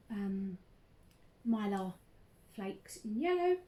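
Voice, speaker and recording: A woman's voice: mid-range voice, sing-song, slow pace, dark tone. A chatty, bubbly young woman who laughs a lot and says "um" often, hosting a casual crafting tutorial vlog. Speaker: craft channel host.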